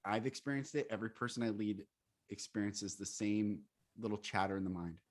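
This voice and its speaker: In conversation with an interviewer, this men's retreat leader and coach explains his views with earnest emphasis, laughing now and then. He speaks briskly in a voice on the low side, keeping a steady tone.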